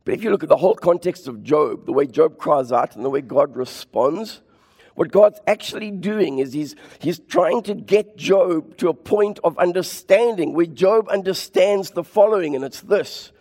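A man preaching a sermon and telling his own story, impassioned, repeating phrases for emphasis and building to near shouts. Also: on the high side, normal speed. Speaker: preacher sharing his testimony. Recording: long hall reverb.

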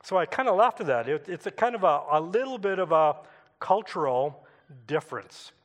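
A man's voice: sits high, big pitch swings, normal speed, big-room sound. A Canadian man preaching a sermon in a church, telling a personal story in a conversational way and asking the congregation questions. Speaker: pastor.

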